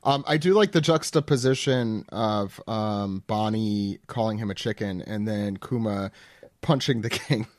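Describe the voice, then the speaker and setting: A man's voice: lowish voice, a little slow, no room sound, clean studio sound. A man hosting a podcast, asking questions and guiding the casual chat. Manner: inquisitive, guiding. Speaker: podcast host steering talk.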